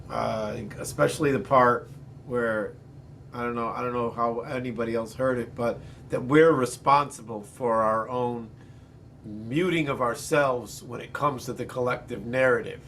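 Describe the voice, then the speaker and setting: Man, open mic participant, halting, thoughtful, stumbling restarts, faint background noise. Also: mid-range voice, a bit bright. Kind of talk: casual chat.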